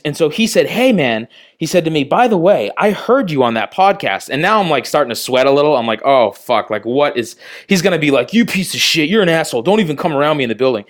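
A man's voice: medium pitch, a bit bright. A man, a guest on a podcast, telling a story in casual chat, acting out both sides of the conversations and swearing freely. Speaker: podcast guest and radio producer.

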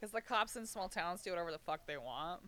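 A woman in a casual chat, chiming in with quick comments. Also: fairly low pitch, animated, pushed and bright. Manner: quick reacting comments and laughs. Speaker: friend in the chat.

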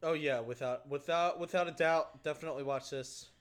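High, playful man co-hosting a podcast. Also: fairly quick, clean tone. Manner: playful, mock-dramatic. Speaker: podcast co-host. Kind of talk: casual chat. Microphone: mic with mute button.

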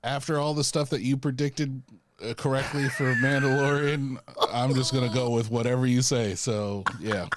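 A man co-hosting a podcast in casual chat, playful and teasing, relaxed. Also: mid-range voice, very noisy. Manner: playful, deliberately mispronounces words. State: relaxed, drinking gin. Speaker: podcast co-host.

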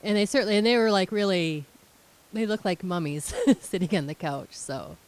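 A woman's voice: medium pitch, normal speed, poor audio. A woman co-hosting a casual recap chat, explaining scenes and acting out characters' lines as she retells them. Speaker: podcast co-host.

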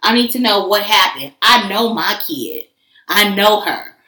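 A woman's voice: medium pitch, expressive, a little slow, pushed and bright, distant mic. A woman talking candidly and emphatically about her past in a loose, casual way. Her voice sits a little back from the microphone. The room around her is echoey. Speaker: guest. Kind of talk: candid personal conversation. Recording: echoey room, voice a bit off-mic.

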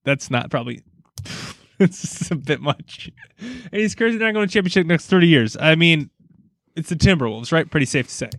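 A man's voice: on the high side, animated, moderate pace, a bit bright, no room sound, studio quality. A man, co-hosting a casual sports podcast, chatty and rambling, laughing often. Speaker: podcast co-host.

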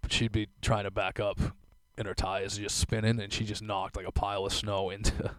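A young man, rambling through a story and swearing freely, with laughs tossed in. His voice sits fairly low. The sound is dry and close, with no room echo. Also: flat delivery, moderate pace, fairly bright tone. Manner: profane, rambling, laughing asides. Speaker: solo vlogger. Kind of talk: casual storytelling monologue.

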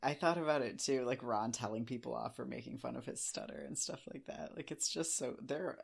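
A man co-hosting a book podcast in casual chat. He talks fast and animatedly, with sarcastic asides and offhand swearing. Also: medium pitch, creaky, husky. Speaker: podcast co-host.

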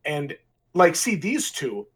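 A husky, laid-back man in a book chat. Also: on the high side, very animated, takes it slowly, fairly bright tone. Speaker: podcast co-host. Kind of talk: casual book discussion.

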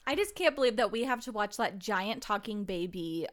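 A woman's voice: medium pitch, lively intonation, normal speed. A young woman co-hosting a casual recap chat, blunt and swearing, laughing often as she recounts events. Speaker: podcast co-host.

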